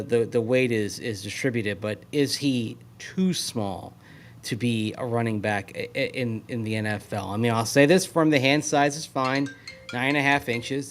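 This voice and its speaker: Man, sports radio co-host, analytical, skeptical, mid-pitched voice. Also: slight background noise. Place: at a league meeting venue.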